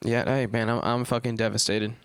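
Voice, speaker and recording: Smooth-voiced joking man from Texas. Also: mid-range voice, flat delivery, a little fast, no room sound, clean studio sound. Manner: rambling, crude and joking, storytelling. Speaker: guest comedian. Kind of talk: casual podcast chat.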